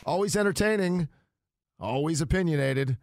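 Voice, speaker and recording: A man hosting a talk radio show, reading an ad and asking questions in an upbeat, quick manner. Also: a little high, lively intonation, vocal fry, loud music behind the voice. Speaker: radio host. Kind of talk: casual talk radio, host-read ad.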